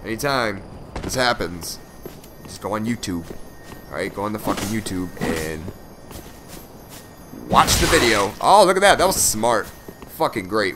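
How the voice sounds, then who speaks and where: A man giving casual, profane gameplay commentary, joking and breaking into excited shouts. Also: lowish voice, measured pace, pauses often. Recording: loud music behind the voice.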